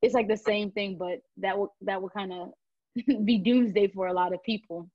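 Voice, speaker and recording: A woman's voice: mid-range voice, steady tone, normal speed, no echo. A young woman interviews an alumna, talking in a chatty, casual way full of fillers and restarts. Her voice sits in the middle of the range, and the recording sounds dry and slightly dull. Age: young adult. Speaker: student interviewer. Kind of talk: casual oral history interview.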